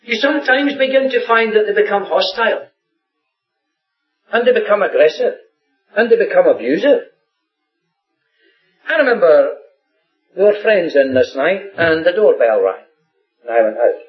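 A male preacher with a high voice gives an earnest sermon that swings widely in pitch, often repeating his phrases for emphasis. The recording is dull and lo-fi, with faint music behind him. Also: expressive, moderate pace, long pauses.

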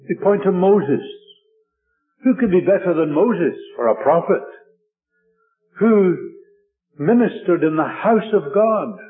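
A man preaching a sermon in a measured, emphatic way, stressing his points through repetition. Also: a little high. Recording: tinny lo-fi radio broadcast with faint music.

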